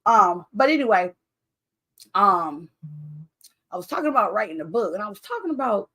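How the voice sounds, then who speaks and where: At her own book launch, a woman author speaks at a moderate pace with medium pitch, leaving long pauses. Her casual chat wanders and loses its thread, though she remains animated, expressive, and quick to laugh.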